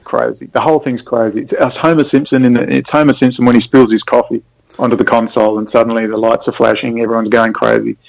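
A man rambling through his stories, prone to sudden excited bursts. His voice has a gravelly fry and sounds close and dry, with almost no room around it. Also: medium pitch, fast, no room sound, poor audio. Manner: rambling, excitable storytelling with sudden animated spikes. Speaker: podcast guest. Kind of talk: casual conversation.

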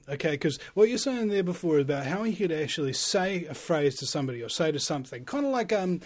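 Husky, lively podcast host, man. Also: a little high. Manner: emphatic, halting restarts. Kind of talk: casual podcast chat.

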